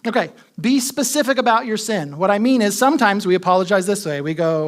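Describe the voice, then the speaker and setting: A man's voice: sits high, fast talker, few pauses. A man preaching a sermon as pastor, talking conversationally, asking the congregation questions and repeating his key points.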